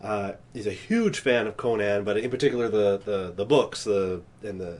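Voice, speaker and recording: A man's voice: fairly low pitch, normal speed. A man co-hosting a podcast in casual chat, rambling through stories and acting out the scenes he describes. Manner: animated storyteller acting out scenes; rambling with restarts. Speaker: podcast co-host.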